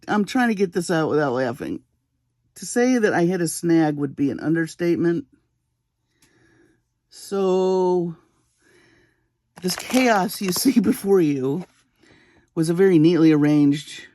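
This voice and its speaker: A woman crafter tells a story from her home bead room in the small hours, talking slowly and at an easy pace. She pokes fun at herself and keeps breaking into laughter. Her voice sounds close and dry, with no room echo. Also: low voice, dark tone. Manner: chatty, self-deprecating, often breaks into laughter. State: awake at three in the morning. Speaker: jewelry-making channel host. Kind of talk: casual vlog storytelling.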